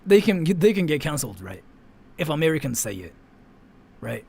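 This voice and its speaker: A young man whose first language is Japanese chats casually on a live stream and answers his chat. His voice sits on the high side with big pitch swings, normal speed, vocal fry and a husky quality. He rambles, says "like" constantly, and lets the ends of his phrases fade quietly.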